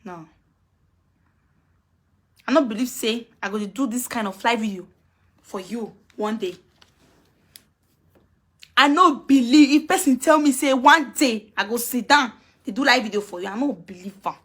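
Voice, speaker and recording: A woman's voice: on the high side, moderate pace, pauses often, fairly bright tone. Taunting woman in Nigerian Pidgin. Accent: Nigerian Pidgin English. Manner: scolding, taunting, repeats herself. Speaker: live video streamer. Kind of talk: heated live video rant.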